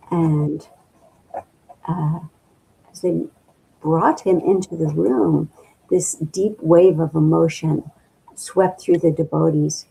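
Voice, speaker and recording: An older woman from the midwestern US recalls her past in an interview, her voice low and gravelly with a husky edge. She talks slowly and thoughtfully, pausing often and filling the gaps with soft fillers. Her tone is dark and mellow. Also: low-quality recording. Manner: slow and reflective, with many pauses and fillers. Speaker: interview guest. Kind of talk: reminiscing in an interview.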